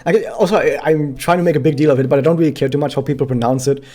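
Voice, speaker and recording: A man's voice: a little high, rapid-fire, mellow, faint music behind. A man from Germany, a native German speaker, chatting casually and rambling a bit while he streams a game. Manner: chatty, rambling, self-correcting. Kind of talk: casual live-stream commentary.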